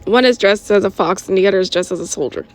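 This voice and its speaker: Woman, author reading her own story, informal, self-correcting, middle pitch. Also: fast talker. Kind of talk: casual audiobook reading.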